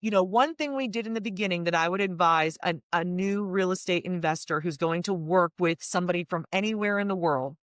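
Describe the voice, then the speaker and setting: With a lowish voice, this American woman talks fairly quickly and barely pauses while hosting a video interview. A real estate business owner, she is candid, talkative, and tells animated stories, recorded on a dry close mic with no room sound.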